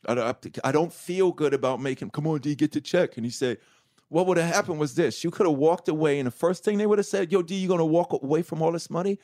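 Speaking fast in a slightly high voice, a middle-aged interview guest recounts his life story openly. He's animated, swears freely, and acts out the things people told him.

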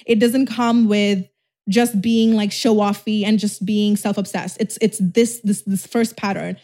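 A woman hosting a podcast, telling a personal story in a fast, emphatic, rambling way with casual cussing, close to the mic. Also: mid-range voice, a little mellow. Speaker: podcast host.

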